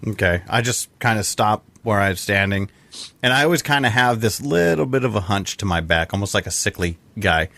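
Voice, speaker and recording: A man describing his character's actions in a relaxed way while playing a tabletop game. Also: on the low side, fairly quick, creaky, no echo. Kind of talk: casual game chat.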